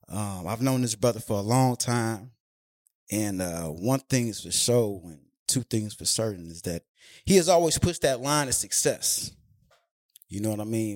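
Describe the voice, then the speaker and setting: A man's voice: on the low side, no echo, clean studio sound. Slangy man hosting a podcast. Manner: loose, slangy, drawn-out talk with frequent "you know what I mean". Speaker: podcast host. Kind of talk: casual podcast chat.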